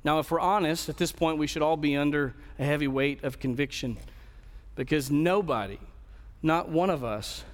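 A man preaches an earnest expository sermon, often restarting his phrases. His voice sits a little high for a man. Long reverb trails after him through the hall. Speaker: pastor.

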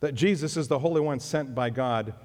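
A man preaching a sermon as pastor, emphatic and leaping up in pitch on key phrases. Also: fairly quick, a little mellow. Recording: long reverb of a hall.

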